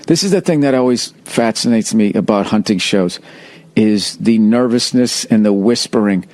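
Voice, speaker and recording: A man in a casual podcast conversation, excitable and joking, swearing freely on a close studio mic. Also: on the low side, normal speed, no room sound. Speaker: podcast guest.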